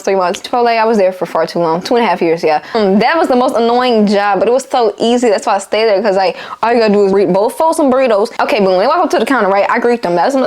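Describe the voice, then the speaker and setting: A young woman, ranting through a casual storytime about her old jobs and acting out what people said. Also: fairly high pitch. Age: young adult. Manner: animated, exasperated, acts out quotes. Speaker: vlogger.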